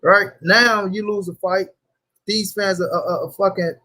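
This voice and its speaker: A man's voice: sits high, steady tone, measured pace, sharp tone. A young man hosting a casual livestream, talking loosely in slang and greeting viewers by name. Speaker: livestream host.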